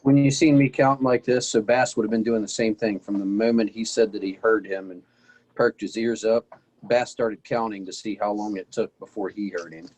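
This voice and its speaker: Low-voiced male tabletop player. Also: steady tone, normal speed, a little mellow, poor audio. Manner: casual, explaining his character's actions. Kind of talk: casual tabletop play.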